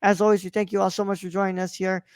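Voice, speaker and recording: A woman races through a casual film chat as podcast co-host, her talk loose, full of fillers, and occasionally profane. Her mid-range voice is darkish and smooth with little pitch movement, and the clean studio sound has no room noise.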